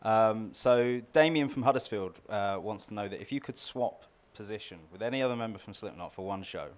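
A man, a magazine editor, moderating an interview and reading out audience questions in a measured way. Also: lowish voice. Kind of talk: moderating a live Q&A.

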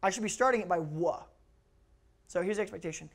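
A man speaking as youth pastor, telling lively stories and repeating his key words for emphasis. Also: high voice, fast talker, creaky. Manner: animated storyteller who acts out quotes, repeats key words. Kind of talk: youth ministry talk.

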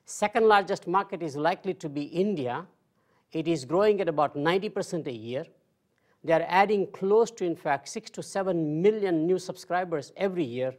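Talking with his audience the way a friendly teacher would, a man in his sixties who teaches marketing gives a highly conversational, informal lecture. Dry jokes at his own expense are woven into the points he makes.

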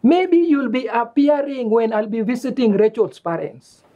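A very high male voice at normal speed, with the top frequencies cut off. The actor portrays a cocky student in a comedy web series, bossy and teasing toward his friends as he schemes up a fake reality-show lifestyle.

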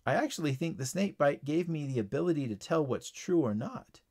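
A man's voice: on the high side, expressive, fairly quick, darkish tone. A man voicing a confident young schoolgirl in a storybook reading, matter-of-fact and sure of herself.

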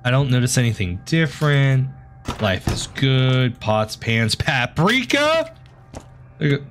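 A man's voice: mid-range voice, normal speed, slight background noise. Guy streaming a horror game, cracks jokes, swears a lot, jumpy. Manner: jumpy, swears, jokes nervously, yelps at scares. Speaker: gaming video host. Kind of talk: let's play commentary.

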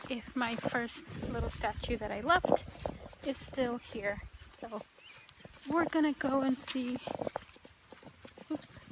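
A chatty woman with a somewhat high voice talks through a casual paranormal vlog, addressing her viewers directly. She is filmed outdoors in a cemetery. The recording carries clear outdoor background noise. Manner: chatty, addresses viewers as you guys and y'all. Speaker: paranormal vlogger.

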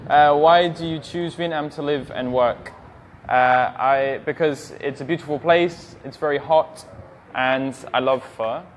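A man's voice: on the high side, measured pace, a little hiss or hum. A young English man teaching English, reading viewers' questions aloud on a livestream and answering them in a friendly, plain way. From England.

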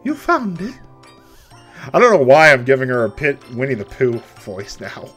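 A man's voice: mid-range voice, lively intonation, brisk, a bit bright, soft background music. A man hosting a let's play who reads game dialogue aloud in a playful, jokey way and slips into silly voices.

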